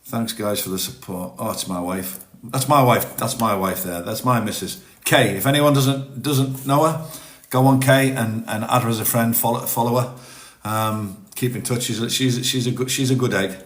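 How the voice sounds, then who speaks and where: A man's voice: mid-range voice, normal speed. A chatty man with a mixed British accent, part Welsh, Manx and Teesside, rambling casually on a phone live stream from his home and answering viewer comments. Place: home in Spain. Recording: roomy echo.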